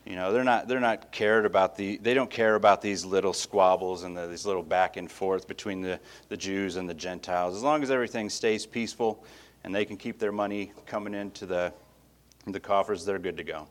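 A man with a fairly low voice walks through a Bible passage like a casual study session. He talks conversationally, restarting phrases and tossing in little asides as he explains. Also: steady tone, fairly quick. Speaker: Bible teacher.

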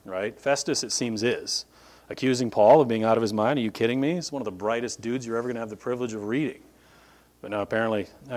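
A middle-aged man preaching a sermon as pastor, telling stories with lively shifts and acting out the people he quotes. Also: mid-range voice. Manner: animated storytelling, voices quoted speakers.

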